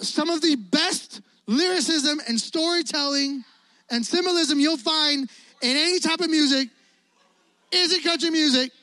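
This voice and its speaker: A man preaching a casual, energetic youth sermon, telling stories and asking his listeners questions. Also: extremely high pitch, measured pace, no echo. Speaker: youth pastor.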